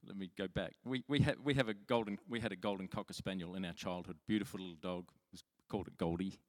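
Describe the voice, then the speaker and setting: Chatty pastor in a reverberant hall. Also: male voice, low-pitched, steady tone, fast. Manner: chatty, self-mocking storytelling with many restarts. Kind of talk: sermon.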